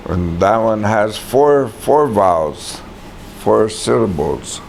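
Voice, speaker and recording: A man's voice: fairly low pitch, expressive, slow, gravelly, darkish tone, slight background noise. A man teaching a language class, patiently saying words aloud for the students to repeat.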